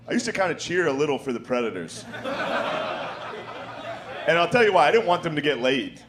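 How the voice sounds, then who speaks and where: A man's voice: on the high side, very animated, normal speed. Crude, laughing man, noisy recording. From United States. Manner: crude, laughs at his own jokes, says "dude" a lot. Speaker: comedian. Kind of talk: stand-up comedy.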